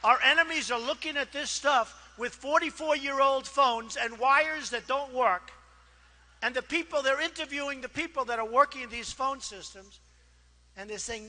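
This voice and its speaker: A man's voice: extremely high pitch, moderate pace, bright, forceful tone. An older man giving a campaign rally speech, boastful and repetitive, talking in asides and repeating phrases for effect. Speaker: political candidate.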